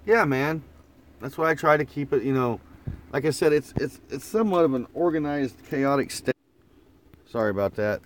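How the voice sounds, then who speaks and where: A man's voice: mid-range voice, normal speed, a little hiss or hum. Easygoing man with Oklahoma twang. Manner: rambling, easygoing, repeats and restarts words, laughs often. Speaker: vlogger. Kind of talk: casual morning live chat. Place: inside an old camper van. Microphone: phone propped up in front of him.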